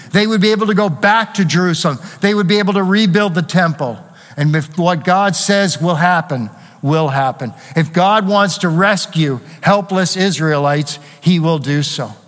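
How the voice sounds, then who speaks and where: A man's voice: sits high, a bit bright. A man preaching a sermon to his church, earnestly asking rhetorical questions and reading scripture aloud. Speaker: pastor. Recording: long hall reverb.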